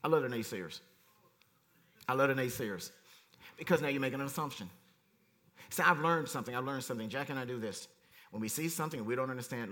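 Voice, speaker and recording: A man preaching a conversational sermon, reading verses and commenting with animated swings from quiet asides to loud emphasis. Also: mid-range voice, quick pace, pauses often.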